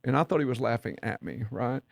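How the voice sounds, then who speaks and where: A man's voice: mid-range voice, animated, fairly quick, creaky, dry recording, studio quality. A man, co-hosting a podcast, telling a story in a folksy way and acting out the dialogue. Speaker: podcast co-host and leadership mentor. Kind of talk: casual storytelling chat.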